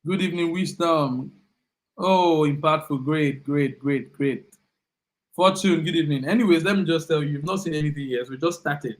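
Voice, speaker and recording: A young man with a Nigerian accent runs a live online class, upbeat and chatty. He keeps repeating his words as he greets students one by one. His voice sits a little higher than most men's. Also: normal speed, poor audio.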